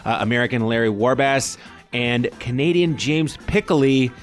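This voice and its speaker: A man hosting a podcast, talking in a quick, upbeat, chatty way as he opens the show and questions his guest. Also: medium pitch, soft background music. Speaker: podcast host. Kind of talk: casual podcast interview. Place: Boulder, Colorado studio.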